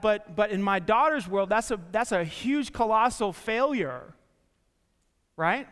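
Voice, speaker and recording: High-voiced pastor preaching in a reverberant hall. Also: male voice, a little slow, clean tone. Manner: animated storytelling with self-deprecating asides and restarts. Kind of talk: sermon. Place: church sanctuary.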